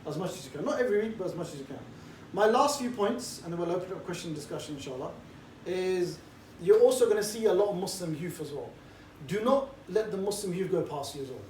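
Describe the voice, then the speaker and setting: A man giving a group briefing as an outreach trainer. He talks briskly and keeps checking in with the listeners. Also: high voice, lively intonation, a little mellow, a little hiss or hum. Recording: echoey room, mic set far off.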